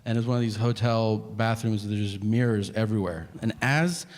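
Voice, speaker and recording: Profane deadpan stand-up comic man. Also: fairly low pitch, fairly quick. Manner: deadpan, profane, acts out exchanges. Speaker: stand-up comedian. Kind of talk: stand-up routine. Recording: live stage mic over crowd laughter. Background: audience laughter.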